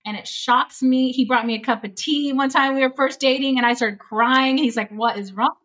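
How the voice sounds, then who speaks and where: A woman's voice: high voice, steady tone, moderate pace, fairly bright tone. A middle-aged woman, a guest on an interview show, talking earnestly about healing and often laughing as she speaks. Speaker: energy healing practitioner, guest. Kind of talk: conversational interview.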